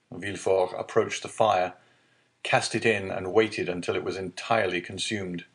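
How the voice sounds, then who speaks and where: A man narrating a classic novel as an audiobook, in a measured storytelling manner. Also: low voice, fairly even intonation. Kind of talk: scripted narration.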